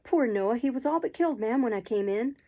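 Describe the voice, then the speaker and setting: A woman voicing a strong, shrill servant girl who scolds and fusses, in a storybook reading. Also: expressive, fairly quick, dark tone. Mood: scolding.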